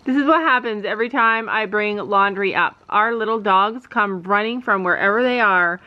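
A middle-aged woman chatting casually in a vlog, mother and horse owner, switching to a high baby voice for her pets. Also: moderate pace, highs cut off. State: out of breath.

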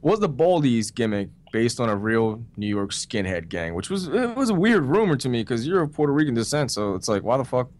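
A man's voice: medium pitch, big pitch swings, a little fast, few pauses, darkish tone. A man hosting a podcast, asking questions in a laid-back, casual way and swearing freely. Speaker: podcast host. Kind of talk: casual interview chat.

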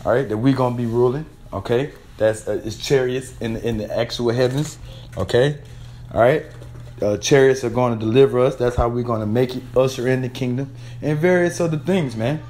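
A man's voice: mid-range voice, darkish tone, slight background noise. A man giving an informal sermon, talking in loose street slang with swearing, hesitating a lot and tagging many phrases with "man" and "all right?". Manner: blunt street slang with profanity; halting, frequent "uh" and repeated words. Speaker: preacher.

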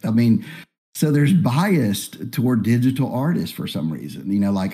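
A man from Alabama, talking in a relaxed, rambling way with many fillers as a guest artist in a live Q&A. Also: mid-range voice, moderate pace, husky. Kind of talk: casual live Q&A.

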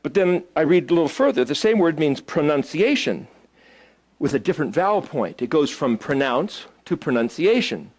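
A man teaching a small group in a relaxed way, thinking aloud as he looks things up and putting questions to his listeners. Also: fairly high pitch, moderate pace. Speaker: Hebrew study teacher.

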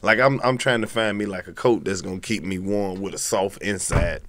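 A young adult man, a comedian co-hosting a podcast, talking in casual banter with profane, preachy rants that jump into high yelps. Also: steady tone, moderate pace, fairly bright tone.

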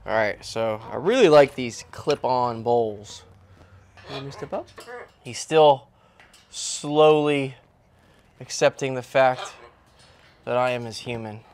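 A man casually vlogging outdoors as he tends his birds, loose and slangy, breaking into a high cooing voice when he talks to them. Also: slow, pauses often, a little mellow. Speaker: vlogger, bird keeper. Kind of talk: casual vlog chat. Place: outdoor backyard cage area.

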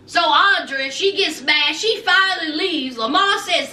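High bright-voiced woman recapping reality TV. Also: measured pace, few pauses, roomy sound, far from the mic. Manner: animated, acts out people's lines in voices; folksy slang, "honey", "child". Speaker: recap vlogger. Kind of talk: casual reality-show recap.

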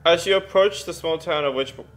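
A young man talking through a video game, reading its text aloud and then groaning and exclaiming at the results. His voice sits a bit higher than most men's. Soft game music plays behind him. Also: brisk. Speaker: let's play gamer. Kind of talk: casual gameplay commentary.

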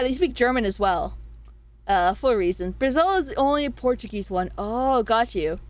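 A woman streamer in casual livestream chat, reading out poll results; giggly and excitable, swearing freely and swinging between high squeals and low mutters. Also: no echo.

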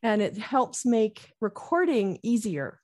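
A woman with a slightly high voice talks on a video call. She explains her recording gear eagerly and at length. The talk is loose and friendly. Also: big pitch swings, takes it slowly, darkish tone. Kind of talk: casual video-call chat.

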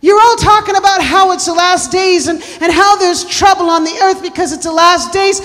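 A woman preaching a sermon to a church, impassioned, rising to shouted and sung cries. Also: very high-pitched, moderate pace. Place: church sanctuary. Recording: long hall reverb.

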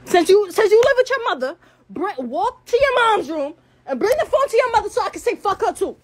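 Teen woman, late teens, high and wildly animated, trading insults on a phone live. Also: a little fast. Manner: heated, profane, insulting. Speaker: livestreamer. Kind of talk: angry livestream rant.

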